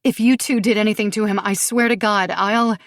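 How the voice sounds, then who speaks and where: A woman's voice: mid-range voice, fairly even intonation, a little fast, no room sound, clean studio sound, pitched above the performer's own voice, close to an everyday voice. A woman narrator voicing a frightened, desperate young wife in an audiobook thriller, urgent and insistent. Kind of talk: audiobook character voice.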